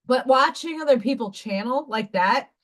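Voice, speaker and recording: On a livestream, a woman with a high, expressive voice talks at a moderate pace, candid and rambling, with casual cursing. She reads oracle card messages aloud between stretches of chat.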